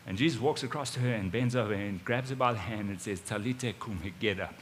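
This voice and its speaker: South african male pastor, storytelling sermon, casual and animated, faint background noise. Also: mid-range voice, quick pace, in a large hall. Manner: animated, conversational, repeats his starting words. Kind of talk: first-person storytelling sermon.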